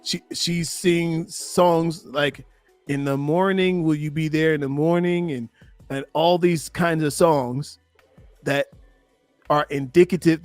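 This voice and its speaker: A man with a slightly high voice talks as a relationship coach, reacting to a clip. He is animated and emphatic and speaks right to his listeners. His voice is dry and close, with faint music behind him. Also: dry recording. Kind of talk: reaction commentary on a played clip.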